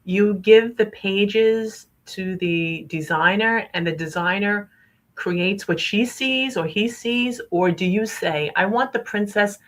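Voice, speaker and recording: Woman hosting a chat, asks questions, lots of oh wow and nice. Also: mid-range voice. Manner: encouraging, quick interjections. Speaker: host. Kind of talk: casual interview chat.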